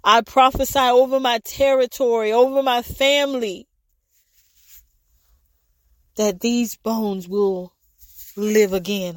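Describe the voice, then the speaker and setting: A woman leading a fervent spoken prayer, pleading and repeating lines, at times rising to shouts and speaking in tongues. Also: on the high side, fairly even intonation, slow, long pauses, no echo. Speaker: prayer leader.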